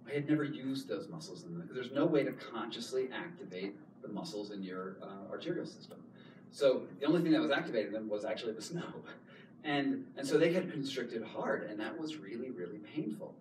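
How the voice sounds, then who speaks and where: A man in his thirties telling a story in an animated talk, repeating words and laughing often as he goes. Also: medium pitch, fairly quick. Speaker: author giving a talk. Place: public hall. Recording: echoey hall, distant mic, noise.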